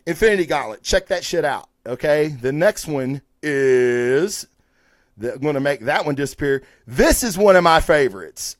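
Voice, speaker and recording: Male stream host reviewing comics: casual, rambling, profane, slightly high-pitched voice, dry close sound. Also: no echo.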